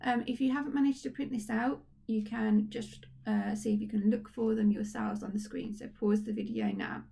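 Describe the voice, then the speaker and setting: A woman's voice: on the high side, fairly even intonation, normal speed, vocal fry, mellow. A woman teacher giving a recorded phonics lesson to young children, upbeat and encouraging. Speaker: primary school teacher. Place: at home.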